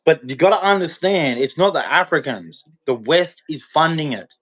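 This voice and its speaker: A man's voice: a little high, animated, normal speed, fairly bright tone, slightly rough. A man hosting a live show, talking in a heated, rambling and repetitive way, often restarting his sentences. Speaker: host. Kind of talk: unscripted live commentary. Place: hot room in Queensland.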